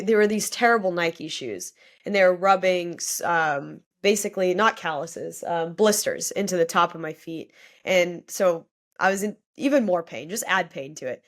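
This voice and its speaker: A young woman speaks as a podcast guest, her voice sitting a little low for a woman. She tells a hard personal story openly and with feeling, dropping "like" often as she goes. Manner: candid, emotional storytelling, often saying "like". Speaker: guest athlete.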